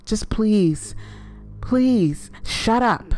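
A woman's voice: low-pitched, moderate pace. A woman doing a blunt, callous thief man. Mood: angry. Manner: flat, blunt. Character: callous male thief, adult.

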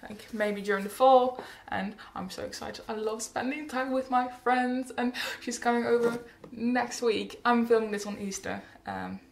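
A woman's voice: fairly high pitch, steady tone, moderate pace, creaky, few pauses, echoey room, slight background noise. A teenage girl chatting casually in a rambling, bubbly update vlog, often laughing and correcting herself. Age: teens. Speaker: vlogger.

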